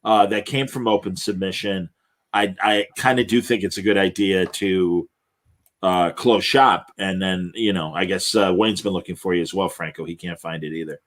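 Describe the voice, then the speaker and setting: A man's voice: low-pitched, steady tone, normal speed, fairly bright tone. A man co-hosting a casual podcast, rambling through film and TV trivia with many restarts and corrections. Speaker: podcast co-host.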